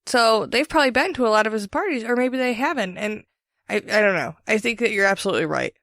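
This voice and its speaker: A woman co-hosting a casual podcast about a book, blunt and profane, with quick asides. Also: a little high, animated, fairly bright tone, no echo, studio quality. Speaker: podcast co-host. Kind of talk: casual book-discussion chat.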